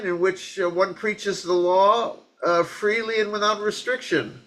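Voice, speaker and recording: A man's voice: high-pitched, fairly even intonation, measured pace, hardly any pauses, a bit bright. Joking man giving a Zen talk. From New York area, US. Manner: conversational, joking asides. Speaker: Zen teacher. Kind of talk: dharma talk.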